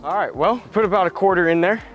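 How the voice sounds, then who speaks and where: An upbeat young man records a casual outdoor vlog, chatting to his viewers in slangy, excitable bursts. His voice sits a touch high for a man. Light background music plays beneath him. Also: fast talker, dull audio. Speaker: vlogger. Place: backyard outdoors.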